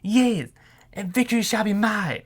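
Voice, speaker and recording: High, squeaky cartoon baby boy, pompous and menacing, grand threats. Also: unhurried. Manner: haughty, theatrical threats.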